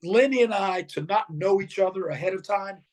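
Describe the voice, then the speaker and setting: A man's voice: sits high, normal speed. A middle-aged man, a former wrestler, telling stories in an interview and acting out the voices of the people in them. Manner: animated storyteller acting out quotes. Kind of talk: storytelling interview.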